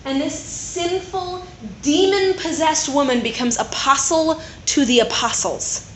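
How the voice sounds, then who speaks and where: A woman preaches in a chatty, animated way, often checking in with her listeners through quick tag questions. Her voice sits high. It rings in the echo of a large room. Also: a little hiss or hum. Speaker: speaker at a women's gathering. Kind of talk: conversational sermon. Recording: roomy echo.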